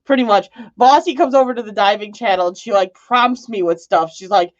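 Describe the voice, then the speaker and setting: A woman's voice: medium pitch, fairly quick, few pauses, highs cut off. A woman live-streaming, chatting casually with her viewers and rambling and laughing between thoughts. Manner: rambling, joking, laughs often. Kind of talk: casual live-stream chat reading comments.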